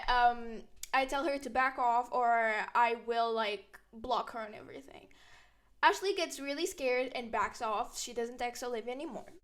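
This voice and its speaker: High-voiced young woman, brash storyteller. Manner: brash, profane, animated retelling with quoted voices. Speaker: storyteller vlogger. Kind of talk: casual story time.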